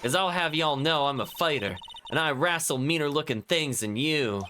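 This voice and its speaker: A man reading a brash southern woman photographer aloud in a put-on Southern drawl, slow and sassy. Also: on the high side, lively intonation, bright, forceful tone, a little hiss or hum.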